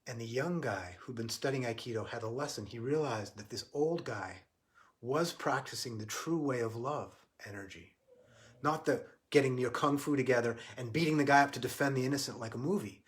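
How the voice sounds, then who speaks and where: A man giving a livestreamed spiritual talk, earnest and halting, often restarting his sentences. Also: mid-range voice. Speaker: spiritual teacher.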